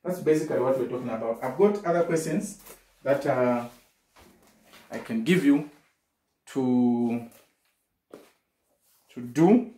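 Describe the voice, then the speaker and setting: A man's voice: mid-range voice, takes it slowly, long pauses, warm tone, roomy sound, poor audio. A man teaching a maths lesson, explaining step by step, often restarting and repeating key phrases.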